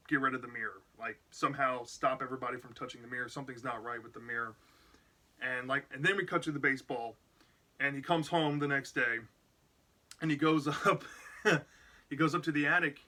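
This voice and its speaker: A man's voice: mid-range voice, bright, forceful tone. A man casually retelling a book's plot as a reviewer, rambling with lots of "like" and "you know". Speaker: book reviewer.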